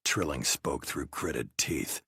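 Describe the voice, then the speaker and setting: A man narrating an audiobook thriller in a measured, first-person storytelling manner with a husky voice. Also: a bass voice, lively intonation, pushed and bright, no echo, clean studio sound.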